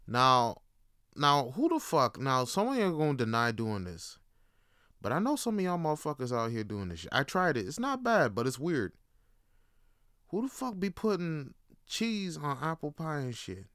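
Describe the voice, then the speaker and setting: A man's voice: a little high, pushed and bright, clear, resonant tone, no room sound, clean studio sound. A man hosting a podcast, talking in a casual, rambling, profane monologue. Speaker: podcast host.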